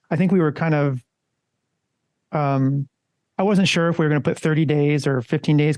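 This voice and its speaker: A man's voice: a little high, darkish tone, no room sound. A man co-hosting a casual podcast, talking loosely and conversationally and swearing now and then. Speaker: podcast co-host.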